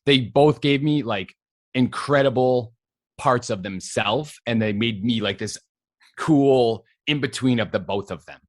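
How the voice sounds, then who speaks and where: A man's voice: medium pitch, unhurried, dry recording. A man in his thirties from Western Massachusetts, chatting animatedly as an interview guest, with lots of fillers and easy laughter. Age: 30s. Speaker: guest actor. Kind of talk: casual interview chat.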